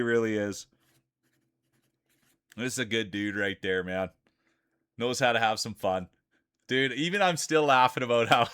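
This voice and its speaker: A man from Canada hosting a live stream, chatty and excitable, laughing often and calling people "dude". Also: mid-range voice, clear, resonant tone, no echo, clean studio sound. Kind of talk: casual live-stream commentary.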